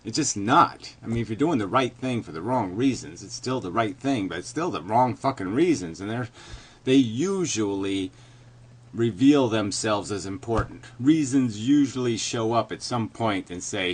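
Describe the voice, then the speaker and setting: A middle-aged man giving a heated, profane monologue as a video commentator, often swearing and growing louder as he goes. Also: lively intonation, normal speed, slightly rough. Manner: mocks others in a meek high voice. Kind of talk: ranting monologue.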